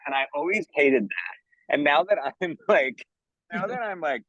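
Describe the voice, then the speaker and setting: A man's voice: fairly high pitch, animated, measured pace, fairly bright tone, dry recording, poor audio. A man giving casual interview answers about his theater work, chatty and earnest, full of "like" and "you know". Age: adult, working in theater for years. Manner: enthusiastic, earnest. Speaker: musical theater composer, interview guest.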